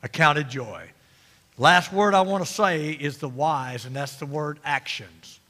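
A middle-aged man preaching an emphatic sermon as pastor, swinging between loud and quiet. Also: a little high, a little slow. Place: church sanctuary. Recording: long reverb of a church hall.

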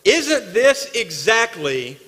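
A man preaching a sermon from the pulpit, emphatic and dramatic, dropping from loud bursts to hushed asides. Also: high-pitched, big pitch swings, slow, long reverb tail. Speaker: pastor. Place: church sanctuary.

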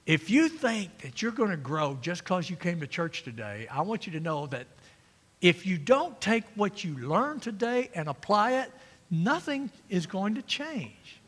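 A middle-aged man preaching an emphatic sermon as pastor, swinging between loud and quiet. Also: high voice, big pitch swings, unhurried. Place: church sanctuary. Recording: long reverb of a church hall.

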